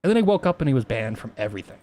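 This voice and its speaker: A man's voice: medium pitch, sing-song, rapid-fire, dark tone. A man talking casually on a stream, rambling with many restarts and plenty of swearing.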